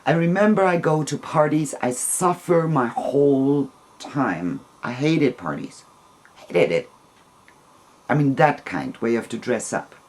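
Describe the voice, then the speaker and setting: A woman's voice: sits low, animated, unhurried, a little mellow. A woman, telling a personal story to camera in a hesitant way, often restarting and searching for words. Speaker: vlogger.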